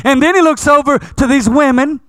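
High-voiced emphatic male preacher. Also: normal speed, no echo. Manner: emphatic, repetitive, swinging between loud and hushed. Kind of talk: sermon.

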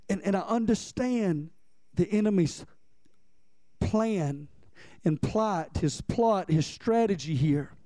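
A pastor preaches in a mellow, high voice, keeping things conversational as he repeats key lines and checks in with the congregation. The recording is dry and close.

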